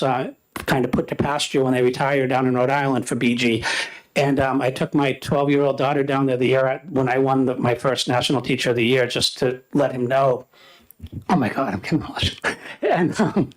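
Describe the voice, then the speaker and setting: A man's voice: medium pitch, poor audio. A man in his fifties, a retired teacher, giving heartfelt personal testimony in a legislative committee room. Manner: earnest, heartfelt storytelling.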